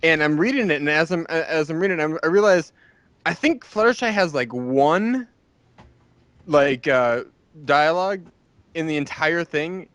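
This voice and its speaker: A man on a podcast asking a long question, hesitant and full of pauses. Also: on the high side, animated, fairly bright tone, clean tone, dry recording. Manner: hesitant, many ums and restarts. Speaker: podcast co-host. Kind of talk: casual chat, asking a question.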